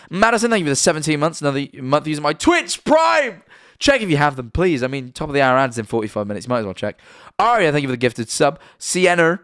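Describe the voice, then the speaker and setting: A man's voice: fairly high pitch, fairly bright tone, clean tone, no room sound, studio quality. A young man with a British accent, chatting casually on a live stream and often correcting himself as he rambles. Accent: British English.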